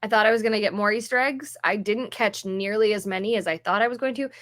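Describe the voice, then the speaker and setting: A woman's voice: medium pitch, quick pace, a bit bright. A woman co-hosting a podcast in casual chat, rambling with lots of fillers, sounding a little tired. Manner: chatty, rambling, many fillers. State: yawning, tired. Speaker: podcast co-host.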